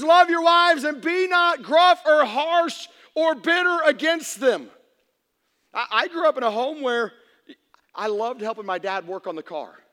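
A man preaches from the pulpit in a very high, bright voice. He is animated, shouting for emphasis and acting out little voices. A long reverb from the church hall trails behind him. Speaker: pastor. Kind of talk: preaching sermon. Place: church sanctuary.

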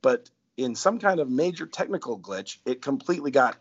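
A man's voice: medium pitch, lively intonation, moderate pace, slightly rough. A male podcast host chatting casually and laughing, rambling with enthusiasm. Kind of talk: casual chat. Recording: dull lo-fi recording.

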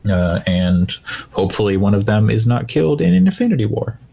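A man's voice: lowish voice, big pitch swings, fairly quick, gravelly, a crowd in the background. A man co-hosting a casual movie podcast, hesitant and stammering with many fillers. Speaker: podcast co-host.

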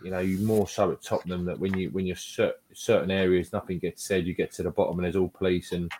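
A man's voice: sits low, fairly even intonation, fast talker, a little mellow, a little hiss or hum. A man co-hosting a casual fan podcast, talking in a laid-back, blunt way with lots of fillers. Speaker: podcast co-host. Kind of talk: casual chat.

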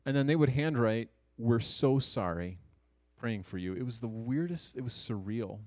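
A man's voice: medium pitch, expressive, no room sound. Earnest man telling a personal story. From Ohio, USA. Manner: earnest, conversational, with quick jokes and hushed asides. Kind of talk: personal story told to an audience.

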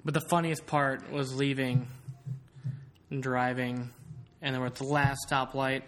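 A man's voice: medium pitch, little pitch movement, unhurried. A man hosting a casual podcast, telling a rambling story with many fillers. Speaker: podcast host.

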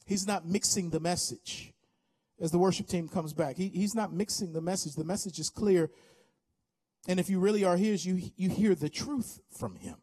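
A man's voice: high-pitched, moderate pace, darkish tone, slightly rough. An American man in his fifties, a pastor preaching an impassioned sermon with an altar call in a church, repeating his appeals. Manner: impassioned, repetitive exhortation. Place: church sanctuary.

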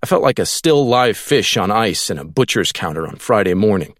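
A man's voice: fairly low pitch, animated, brisk, dry recording, studio quality. A man reading a literary story aloud as audiobook narrator, in a wry, storytelling way.

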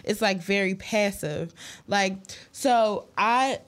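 A woman's voice: medium pitch, takes it slowly. A woman in casual chat who works retail, rambling with lots of "like" fillers and frequent swearing. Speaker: retail store worker.

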